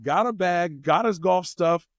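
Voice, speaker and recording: A man talks easily as an interview guest, his voice sitting a bit high for a man. He tells animated stories and acts out other people's lines along the way. The sound is dry and close, with no room echo. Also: unhurried. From United States. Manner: animated storyteller who acts out quotes. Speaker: guest, wine company president. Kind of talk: casual interview chat.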